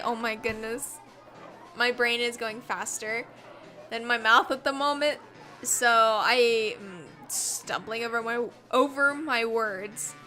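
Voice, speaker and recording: Woman streamer, high bright voice, self-mocking, giggly, reading game text, soft music behind. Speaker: let's play streamer. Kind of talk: casual commentary and game narration reading.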